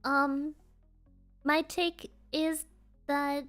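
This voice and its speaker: A woman streamer rambles playfully to her chat in a high, bright voice. She takes her time, drawing out her thoughts and laughing easily. Faint music plays underneath. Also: level tone, drawn-out words.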